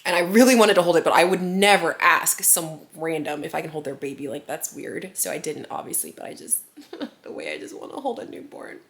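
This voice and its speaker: A woman's voice: sits low, a little fast, gravelly. Chatty, rambling mom vlogger woman. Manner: rambling, filler-heavy, giggly. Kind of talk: casual chat to camera.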